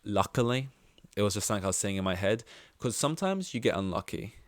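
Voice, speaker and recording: A man's voice: fairly low pitch, lively intonation, fast, dry recording. A young man hosting a casual solo podcast, rambling and chatty, with self-deprecating asides and lots of fillers. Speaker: podcast host.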